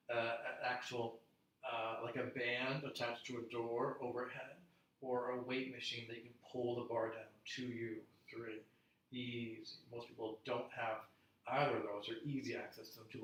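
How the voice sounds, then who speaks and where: Calm male workout instructor in echoey studio. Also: mid-range voice, slight background noise. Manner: calm, encouraging, counting reps. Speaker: strength instructor. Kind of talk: guided workout class. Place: home studio. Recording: echoey room, mic at a distance.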